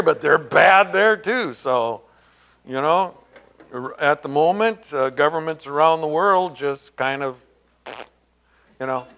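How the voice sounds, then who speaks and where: A man preaching a sermon as pastor, conversational and rambling, full of fillers and asides, and raising his pitch to act out quoted voices. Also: fairly bright tone, clean tone.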